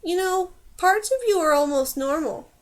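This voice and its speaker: A woman voicing a quick-tempered male squirrel who scolds and teases. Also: high-pitched, expressive. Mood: cheeky. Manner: scolding, cheeky.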